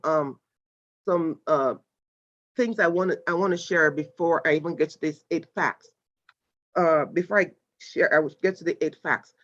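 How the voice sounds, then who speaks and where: A woman leading a live online mindfulness class, encouraging the group and reading their replies aloud with lively exclamations. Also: lowish voice. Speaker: mindfulness instructor. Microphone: video call. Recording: dull lo-fi video call audio.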